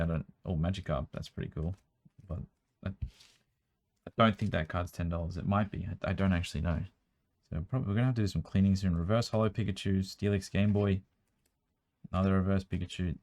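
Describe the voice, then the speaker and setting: Low-voiced man, worn-out voice, chatty. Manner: rapid, chatty, bursts of excited exclamations. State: strained, worn-out voice. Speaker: card collector vlogger. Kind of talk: casual running commentary while sorting cards. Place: room at home.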